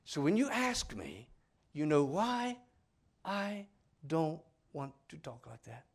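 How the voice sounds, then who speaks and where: Animated preacher man, loud then hushed. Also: on the high side, slow pace. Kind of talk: sermon.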